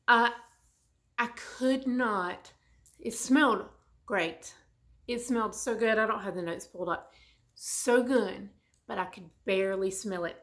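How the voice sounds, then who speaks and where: A woman vlogger with a Southern US accent, talking casually and rambling with frequent restarts as she shows things to the camera. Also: mid-range voice. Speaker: beauty vlogger. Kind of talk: casual chat.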